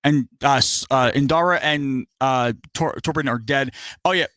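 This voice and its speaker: Bright-voiced joking male podcast co-host. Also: mid-range voice, normal speed, no room sound. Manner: energetic, profane, joking. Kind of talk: casual show review chat.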